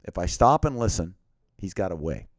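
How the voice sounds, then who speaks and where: A man with a very low voice tells a personal story as an interview guest. He speaks earnestly and with emphasis, often sinking into a quiet, grave tone. He is recorded close on a studio mic in a dry, dead room. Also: very animated, moderate pace, dry recording.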